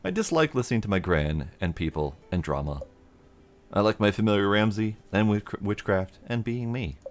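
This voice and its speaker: A sulky, sarcastic young witch, read aloud in a man's own deep voice. The delivery is dry but moves widely up and down in pitch. Quiet game music sits behind the voice. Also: animated, normal speed, natural voice. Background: faint game music.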